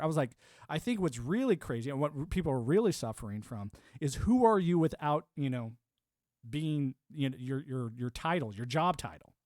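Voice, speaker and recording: A man's voice: on the high side, animated, brisk, darkish tone, dry recording, studio quality. A man in his forties ranting on a live stream, rambling and swearing, with lots of "you know". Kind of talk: ranting monologue.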